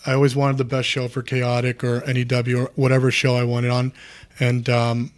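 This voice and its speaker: A man's voice: mid-range voice, completely flat delivery, moderate pace, smooth. Earnest rambling man in his thirties. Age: 30s. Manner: rambling, earnest, many restarts and fillers. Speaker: guest, former pro wrestler. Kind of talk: candid podcast conversation.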